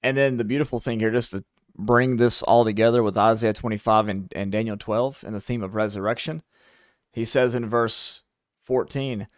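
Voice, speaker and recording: A man co-hosting a casual Bible study show, reading verses slowly and explaining them. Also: on the low side, fairly even intonation, dry recording, clean studio sound. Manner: reads scripture slowly and explains it. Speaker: co-host of a Bible radio show.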